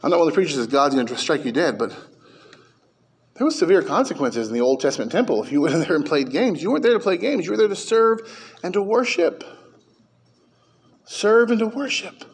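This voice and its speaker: A man preaching a sermon as pastor, emphatic, with his pitch and volume rising and falling. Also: lively intonation, quick pace, creaky.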